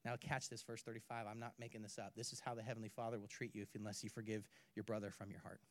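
A man preaching a sermon, swinging from hushed to loud and back, with playful asides. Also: lowish voice, little pitch movement, fast talker. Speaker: pastor.

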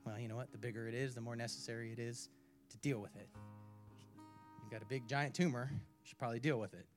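Animated male pastor preaching over soft guitar. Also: medium pitch, fast. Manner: animated storytelling with sudden loud bursts. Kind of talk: sermon.

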